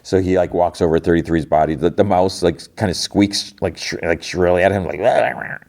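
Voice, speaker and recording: This man's low, slightly mellow voice moves briskly with fairly even intonation. Hosting a podcast, he recaps a TV episode in a relaxed way, quoting characters as he retells scenes and leaning heavily on "like" and similar fillers.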